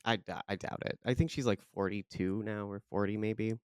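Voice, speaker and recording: A man's voice: on the low side, fairly even intonation, fairly quick, clear, resonant tone, no echo, studio quality. A man co-hosting a podcast in casual banter, teasing the others and laughing often. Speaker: podcast co-host. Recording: loud background noise.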